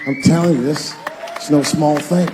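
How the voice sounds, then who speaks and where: A man's voice: fairly high pitch, fairly even intonation, normal speed, crowd noise, noisy background. Profane storytelling male comedian. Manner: profane, storytelling delivery with acted-out voices. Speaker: stand-up comedian. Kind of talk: stand-up comedy routine.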